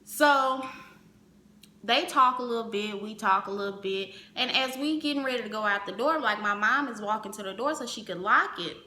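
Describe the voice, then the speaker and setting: A woman telling a personal story in casual vlog fashion, animated, acting out the other people's lines as she goes. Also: fairly high pitch, normal speed. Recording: roomy echo.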